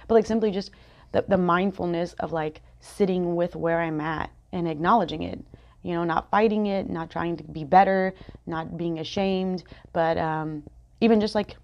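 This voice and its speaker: Gravelly low-voiced woman, candid and rambling. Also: a little mellow. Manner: candid, rambling, many fillers and self-corrections. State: just finished crying. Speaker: podcast host. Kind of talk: personal reflective monologue. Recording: dull lo-fi sound.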